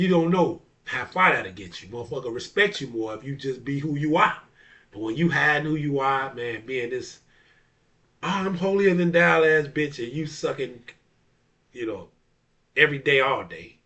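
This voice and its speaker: A man's voice: mid-range voice, animated, normal speed, pushed and bright, far from the mic. A man, a barber and DJ, hosting a casual monologue in a blunt, profane style, laughing often. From Chicago area. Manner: blunt, profane, laughs often, repeats "you know what I'm saying". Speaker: barber and DJ hosting a talk video.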